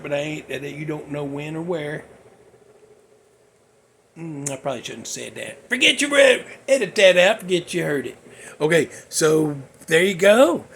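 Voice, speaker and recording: A man's voice: a little high, breathy edge. A man hosting a casual, rambling talk about movies, with a folksy manner. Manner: rambling, folksy, puts on voices for characters. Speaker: host.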